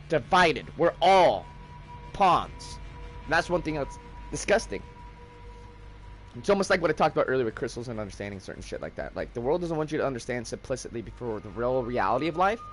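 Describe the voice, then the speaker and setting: A man's voice: on the high side, very animated, moderate pace, pauses often, soft background music. A young man hosting a gaming livestream, ranting in a heated, profane, casual way.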